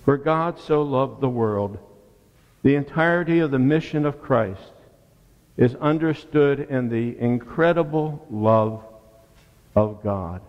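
A man preaching a sermon as pastor, deliberate and emphatic, with rhetorical questions and repeated words. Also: mid-range voice, lo-fi sound. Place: church sanctuary. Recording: long church reverb.

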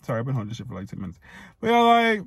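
A man's voice: medium pitch, huge pitch swings, very fast, vocal fry, breathy edge, no room sound. A man in his twenties casually telling a personal story, heated and profane, rambling with many fillers and restarts. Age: 20s. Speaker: storytime vlogger.

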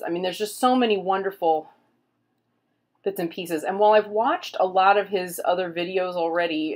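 A middle-aged woman with a fairly low voice talks casually at home as she flips through pages. She rambles, pauses on fillers and keeps a relaxed, chatty flow. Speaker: tarot reader and vlogger. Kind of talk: casual book flip-through. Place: home room with pets.

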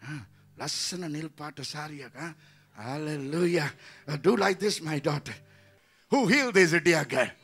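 A man's voice: fairly high pitch, lively intonation, normal speed, a bit bright, slightly rough. A man in his sixties leading a healing service as pastor, fervent and repetitive in call-and-response. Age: 60s.

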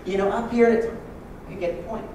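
A man preaching a sermon as pastor, joking and lively with sudden loud bursts. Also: high-pitched, quick pace, very echoey, distant mic, muffled recording, a little hiss or hum.

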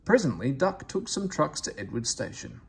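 A man reading a children's train storybook aloud, with expressive narration. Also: mid-range voice, moderate pace, vocal fry, a little hiss or hum. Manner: expressive, lively character reading. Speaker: storybook reader.

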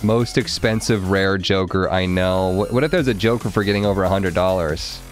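A deep-voiced man from Arkansas streams a card game, chatting with his viewers in a wry, profane style at a moderate pace. Soft music plays in the background of this casual live-stream game commentary.

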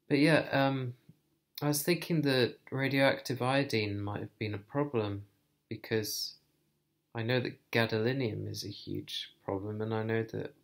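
A man talking to camera in a personal vlog, thoughtful and hesitant, thinking aloud with many pauses. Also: lowish voice, vocal fry. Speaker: vlogger.

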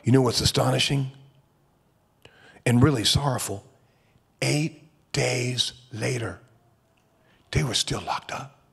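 A man preaching a sermon as pastor, dramatic, dropping to hushed whispers and then rising to loud urging. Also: medium pitch, takes it slowly, gravelly, pauses often, husky.

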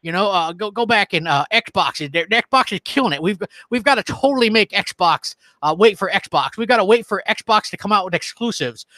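A man putting on a drawling Southern accent to voice a dim, gushing male fanboy, speaking haltingly. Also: high voice, animated, bright, forceful tone, dry recording. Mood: mocking. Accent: American Southern (put on).

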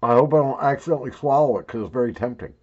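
A man's voice: mid-range voice, racing, a little mellow, lo-fi sound. An older man rambling and joking crudely while he talks around a wad of chewing tobacco in a casual review video.

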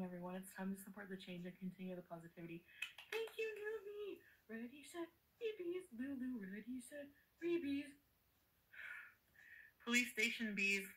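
A woman's voice: mid-range voice, a bit bright, low-quality recording. A worn-out woman talks on a casual livestream, tired and delirious after long travel. She giggles often and greets her viewers one by one in a chatty, scattered way.

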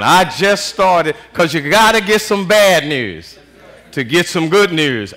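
A man preaching a sermon as pastor, in animated call-and-response style with constant "Amen" and casual vernacular with "y'all". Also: on the high side, a little slow. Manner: Southern US Black vernacular speech, "y'all".

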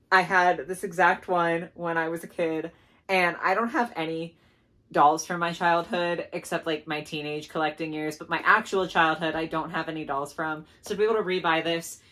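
A young woman talks through her doll haul in an easy, chatty way. She gushes and giggles, with her voice sitting a touch low for a woman. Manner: gushing, excitable, giggly, lots of "like". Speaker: doll collector vlogger. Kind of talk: casual doll haul chat.

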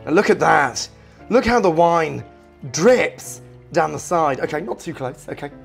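A man impersonating a foul-mouthed, hot-tempered middle-aged celebrity chef. He swears constantly, keeps barking "okay?" and bursts into shouting. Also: on the high side, expressive, unhurried, vocal fry, faint music behind. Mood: instructive bravado. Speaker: impressionist. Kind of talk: comedic cooking demonstration impression.

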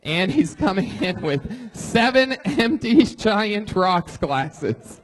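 High-voiced, loud excitable male show host. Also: slow pace, hardly any pauses, faint music behind. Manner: loud, excitable, crude and teasing. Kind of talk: live stand-up show hosting. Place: comedy club stage.

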